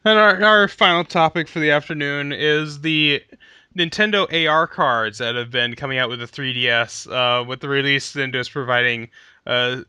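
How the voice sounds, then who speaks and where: A man's voice: mid-range voice, pushed and bright, clean tone, no room sound. A young man hosting a casual gaming podcast, laughing often and talking with enthusiasm. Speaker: podcast host.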